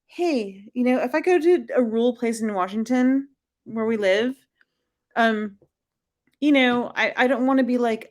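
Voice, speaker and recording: A woman's voice: fairly high pitch, normal speed. An American woman co-hosting a podcast, talking in rambling casual chat full of "like". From United States. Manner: rambling, heavy use of "like". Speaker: podcast co-host. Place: home in rural Washington state.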